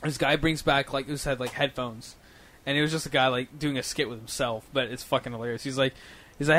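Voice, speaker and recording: A man's voice: medium pitch, fairly even intonation, brisk, bright, forceful tone. A young man in casual podcast chat, laughing and swearing often. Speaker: podcast co-host.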